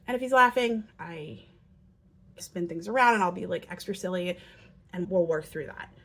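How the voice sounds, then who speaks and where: A woman with a lowish voice, speaking at a normal speed, gives parents an earnest lesson on handling their children's conduct. The parenting educator acts out example lines in lively voices.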